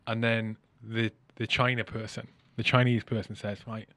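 Animated man, bright tone. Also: medium pitch, normal speed, no room sound. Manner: animated storyteller, swears, mimics accents with loud exclamations. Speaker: podcast host. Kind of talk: casual interview chat.

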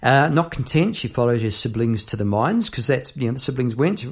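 A man's voice: mid-range voice, sing-song, fairly quick, few pauses. A man, a songwriter hosting an episode, explains his lyrics in a chatty, rambling way with many asides and tag questions. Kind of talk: casual explanation of song lyrics.

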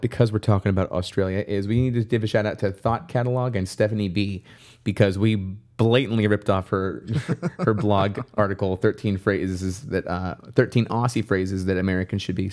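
A man with a fairly low pitch and a darkish tone co-hosts a history podcast. His chat is casual and jokey, rambling along with frequent restarts.

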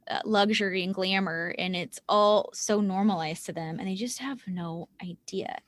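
A woman's voice: medium pitch, dry recording. A woman hosting a true-crime podcast, talking earnestly and with indignation. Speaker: podcast host. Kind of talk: conversational true-crime discussion.

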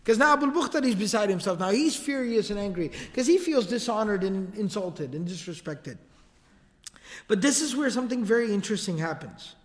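High-voiced man lecturing in a reverberant hall. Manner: casual lively storytelling with slangy asides. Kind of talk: storytelling lecture.

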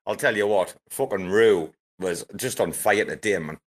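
A man's voice: on the low side, moderate pace. A man hosting a casual live audio-room chat, rambling, swearing heavily and hyping things up. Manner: profane, rambling, hyped-up. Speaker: host.

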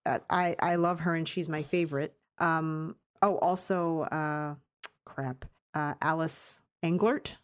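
A woman co-hosting a podcast, chatting casually about a film in a rambling, hesitant way that turns animated when she has strong opinions. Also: sits low, slow pace, clear, resonant tone. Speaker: podcast co-host reviewing a film. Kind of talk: casual chat.

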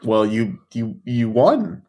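Deadpan teasing man in casual chat. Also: medium pitch, slow. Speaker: podcast co-host running the list.

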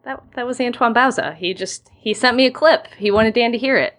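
A woman co-hosting a game podcast in casual chat, playful and quick to laugh. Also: on the high side, a bit bright. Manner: giggly, playful. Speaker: podcast co-host.

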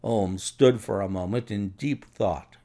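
A man narrating a classic detective story in a measured, expressive reading. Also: fairly low pitch. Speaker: audiobook narrator. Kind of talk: scripted narration.

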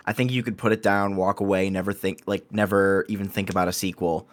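Man, podcast co-host, deep voice, emphatic and a bit stumbly. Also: fairly even intonation, fairly quick. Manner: stumbling restarts, emphatic, casual swearing. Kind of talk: casual book-club chat.

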